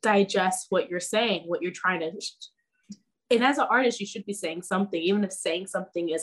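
A woman's voice: on the low side, a little fast, a bit bright. A woman who teaches belly dance, chatting casually on a podcast, leaning on filler words and laughing often.

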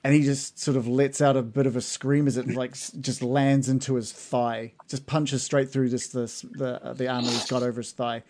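Gravelly-voiced man running a tabletop game. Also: mid-range voice, moderate pace, hardly any pauses. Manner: relaxed, hesitant with many fillers. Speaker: game master.

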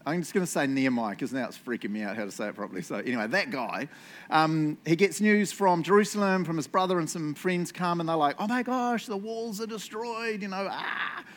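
Chatty New pastor, self-deprecating. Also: male voice, a little high. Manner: chatty, self-deprecating, tags lines with "eh?" and "right?". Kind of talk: casual conversational sermon and prayer. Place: church.

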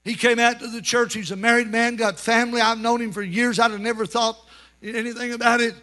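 A man preaches a fiery revival sermon in a church. His voice sits very high and rings bright. He shouts and tells stories with dramatic flair. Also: level tone, a little fast. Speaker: pastor. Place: church sanctuary.

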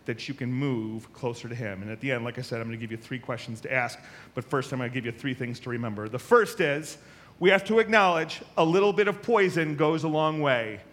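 A man preaching a sermon as a pastor, telling stories with lively acted-out voices. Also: mid-range voice, fairly quick. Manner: animated storytelling, acts out voices.

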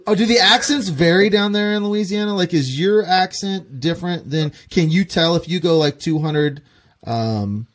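A man's voice: high-pitched, normal speed. A man hosting a podcast, asking eager, curious questions and tripping over his words as he starts them. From American Midwest. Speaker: podcast host. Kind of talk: casual interview chat.

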